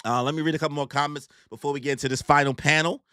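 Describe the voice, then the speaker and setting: A man's voice: fairly high pitch, steady tone, rapid-fire, bright, forceful tone, smooth, dry recording, clean studio sound. A man giving live manga reaction commentary in a casual, slangy way with swearing.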